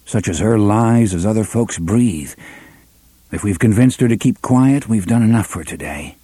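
A man voicing a terse, steady young gunslinger in an audiobook, speaking in a clipped, quiet, firm way. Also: on the low side, moderate pace, slightly rough, dry recording. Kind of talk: audiobook character voice.

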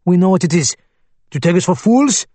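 A man voicing a hostile armed gate guard who barks orders loudly. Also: high-pitched, lively intonation, brisk, no room sound, pitched above the performer's own voice. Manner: loud, barking orders.

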